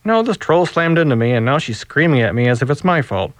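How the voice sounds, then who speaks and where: Guy doing a brash loudmouth buddy, blunt and pushy, a bit higher. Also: sing-song, brisk, dry recording. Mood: indignant. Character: brash young man, reckless buddy.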